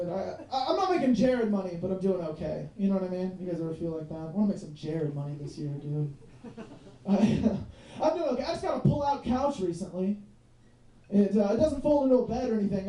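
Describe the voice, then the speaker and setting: A young man with a high-pitched, dark voice does stand-up comedy in a small club, heard from a distance in an echoey room. He's loose and profane, padding jokes with fillers like "you know what I mean".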